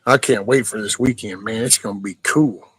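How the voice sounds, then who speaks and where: A man's voice: on the low side, a little fast, fairly bright tone, husky, dry recording, poor audio. A middle-aged man, hosting a casual livestream chat, rambling along and breaking off now and then to scold his dog. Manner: laid-back, rambling, scolds his dog mid-sentence. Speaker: livestream host. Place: at home near a backyard chicken coop.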